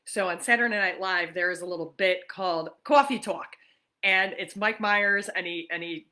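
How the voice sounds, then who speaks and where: Chatty, bright-voiced woman hosting a livestream. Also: lowish voice, moderate pace. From New York. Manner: chatty, greets viewers by name. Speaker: livestream host. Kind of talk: casual livestream chat.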